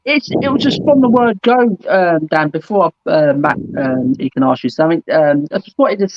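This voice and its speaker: A man's voice: on the high side, lively intonation, normal speed, background noise. A man hosting a fan call-in show, chatting casually and saying "mate" and "absolutely" a lot. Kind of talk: casual football chat. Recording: dull dry lo-fi sound.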